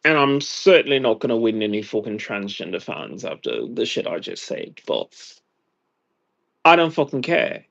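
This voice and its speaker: A man's voice: fairly low pitch, sing-song, moderate pace, gravelly, fairly bright tone, lo-fi sound. An exhausted American man venting angrily in a profane monologue. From United States. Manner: angry, profane rant. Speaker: vlogger.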